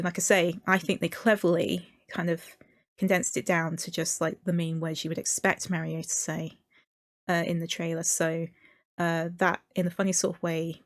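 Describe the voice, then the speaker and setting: Recorded dry with clean studio sound, a woman with a lowish voice streams casual, enthusiastic commentary on a movie trailer. Her talk is full of fillers and small laughs.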